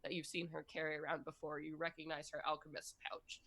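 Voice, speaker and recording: A woman narrating a tabletop role-playing game as game master, telling the scene in a gentle storytelling way. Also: low-pitched, flat delivery, brisk.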